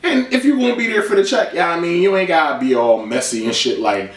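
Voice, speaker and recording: A man's voice: a little high, lively intonation, fast. Sarcastic man recapping TV in a roomy room. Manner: loose, blunt and sarcastic, swears freely. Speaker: TV recap vlogger. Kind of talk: profane comedic episode recap. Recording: roomy room, distant mic.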